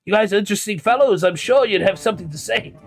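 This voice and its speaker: A man's voice: high-pitched, quick pace. A man voicing a weary but friendly traveling merchant who speaks hesitantly. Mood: mild.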